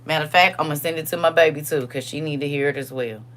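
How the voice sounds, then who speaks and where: Low-voiced woman hosting a casual livestream. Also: a bit bright. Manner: reads verses slowly and deliberately; chatty, addresses viewers directly. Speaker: livestream host. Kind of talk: casual livestream chat with scripture reading.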